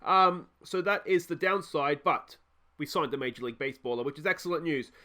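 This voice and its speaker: A man's voice: on the high side, brisk, bright, forceful tone. An Australian man hosting a let's play, chatting casually through game commentary with frequent ums and uhs.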